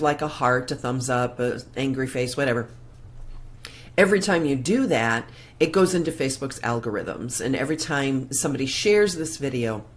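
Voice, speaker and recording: Woman, live-stream host, low voice, emotional, heartfelt, casual chat, plug-in mic. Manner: emotional, heartfelt, talks in restarts. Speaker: host of a live morning show. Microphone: plug-in microphone.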